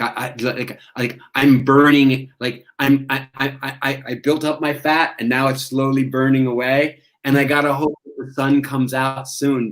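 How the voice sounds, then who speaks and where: A middle-aged man, a guest on a video call, talking in an earnest, halting, reflective way. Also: medium pitch. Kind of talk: reflective conversation.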